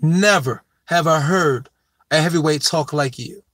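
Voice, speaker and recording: A man's voice: on the high side, unhurried, fairly bright tone, dry recording. A man giving a profane, emphatic sports opinion monologue, lecturing his subject and hammering his point home by repeating it. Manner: repeats his main point with heavy stress. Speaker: sports commentator.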